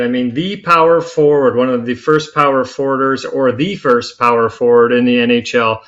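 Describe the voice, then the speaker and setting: A man's voice: medium pitch, fairly even intonation, moderate pace, hardly any pauses, fairly bright tone. A man hosts a hockey podcast in an upbeat, friendly way. His voice sits in an ordinary middle range. The audio is dull and lo-fi, like a call recording. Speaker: podcast host. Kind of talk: casual chat.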